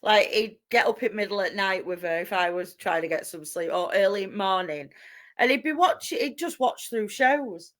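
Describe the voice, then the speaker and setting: A woman hosting a casual interview, giggly and quick to react. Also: mid-range voice, a bit bright. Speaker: host.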